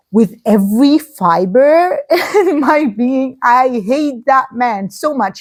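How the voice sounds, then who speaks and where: A woman book vlogger talking through a spoiler review in casual chat, gushing and excitable, with many fillers and restarts. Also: a little high.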